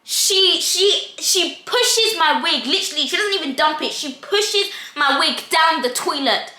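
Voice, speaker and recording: A woman's voice: very high-pitched, expressive, measured pace, bright, forceful tone. A young woman telling a dramatic storytime, acting out everyone's voices. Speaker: storytime vlogger. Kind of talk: animated storytime. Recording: echoey room.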